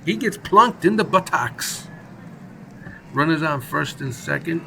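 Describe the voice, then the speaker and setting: A man's voice: on the high side, lively intonation, unhurried, vocal fry, sharp tone, slight background noise. A man hosting a gaming video, giving casual, playful play-by-play of a baseball simulation game. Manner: playful, jokey, chatty commentary. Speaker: gaming channel host.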